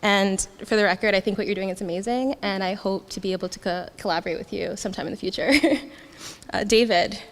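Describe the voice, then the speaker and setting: A young woman gives a graduation speech in a hall with a long, ringing reverb. She talks in a heartfelt way, with frequent small laughs. Her pitch sits in the middle for a woman. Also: fairly even intonation, fast talker. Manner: heartfelt, laughs often, gets emotional. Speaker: graduating student speaker.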